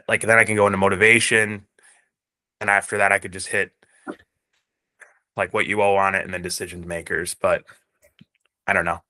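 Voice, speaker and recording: A man's voice: low voice, little pitch movement, normal speed, pauses often, sharp tone. A man asking a colleague for advice, hesitant and thinking aloud as he talks. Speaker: real estate agent asking for advice. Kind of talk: casual chat.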